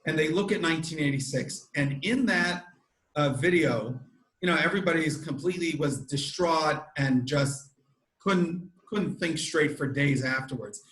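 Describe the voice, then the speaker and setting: Chatty podcast host in an echoey room. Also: male voice, on the high side, moderate pace. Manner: animated storytelling, many restarts. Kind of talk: casual chat.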